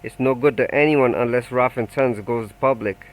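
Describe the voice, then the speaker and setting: A man voicing a flustered aristocratic male politician who is deep in debt, pleading and stammering as he speaks in an audiobook. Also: normal speed, close to an everyday voice, poor audio. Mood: anxious. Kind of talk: audiobook character voice.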